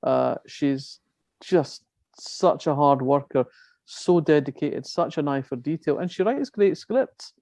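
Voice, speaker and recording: A woman's voice: deep voice, lively intonation, slow, warm tone, no echo. An older woman from Scotland, a crime novelist, talking in a chatty way with many restarts at an online festival. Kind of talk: festival talk on a video call.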